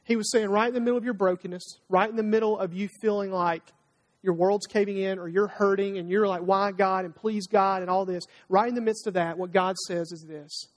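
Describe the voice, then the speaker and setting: A male pastor preaching a conversational sermon. He acts out prayers and God's answers in a lively, talkative way. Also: high-pitched, fairly quick. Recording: long reverb of a large hall.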